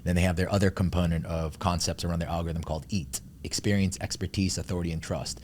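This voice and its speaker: A man, a guest on an interview, explaining his work in a quick, confident, salesy way. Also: steady tone, darkish tone, slight background noise. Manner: fast, confident pitch-style explaining. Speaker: guest, marketing company founder. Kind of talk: casual interview chat.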